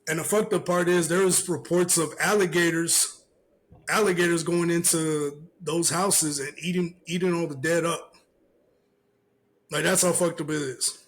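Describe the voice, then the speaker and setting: Man, podcast host, fired-up profane rant, fairly high voice. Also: steady tone, normal speed, fairly bright tone, poor audio. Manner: heated, profane, repeats phrases.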